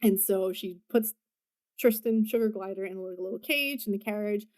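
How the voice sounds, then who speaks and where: A woman's voice: medium pitch, normal speed, darkish tone. A young woman co-hosting a podcast, loosely retelling a film plot, swearing and laughing as she goes. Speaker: podcast co-host. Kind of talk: casual movie recap chat.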